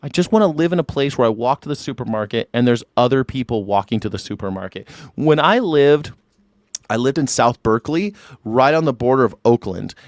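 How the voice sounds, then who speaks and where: A man's voice: mid-range voice, no room sound, studio quality. A man hosting a casual call-in livestream, rambling and profane, boasting about himself in a joking way. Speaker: livestream host taking callers.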